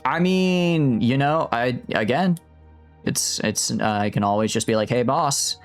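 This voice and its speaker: A man streaming a strategy game, chatting in an animated, rambling, self-mocking way. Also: mid-range voice, measured pace, smooth, soft background music. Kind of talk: casual gameplay commentary.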